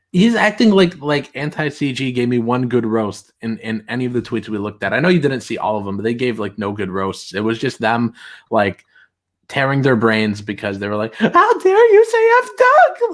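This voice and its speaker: Casual male streamer chatting. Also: moderate pace. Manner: reads tweets aloud in mocking high voices, laughs often. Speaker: streamer host. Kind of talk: casual livestream chat.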